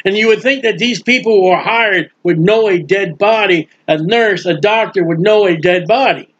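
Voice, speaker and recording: High pitched guy preaching a bible study, super animated, muffled recording. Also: normal speed, slightly rough. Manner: animated, acts out bystanders' mocking voices. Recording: dull lo-fi recording.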